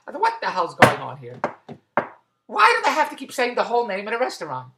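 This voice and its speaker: A man vlogging about his day at a shopping mall, rambling and repetitive, breaking into loud plugs for his business. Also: sits high, huge pitch swings, fast talker, roomy sound, slight background noise. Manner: repetitive, tangential, with loud self-promoting plugs. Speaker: vlogger and online business owner. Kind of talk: rambling casual vlog.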